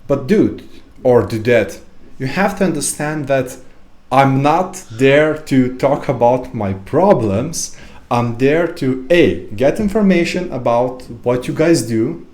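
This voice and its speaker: A man's voice: mid-range voice, a little mellow. A man hosting a podcast in a casual monologue, sarcastic and rambling with many fillers. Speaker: podcast host.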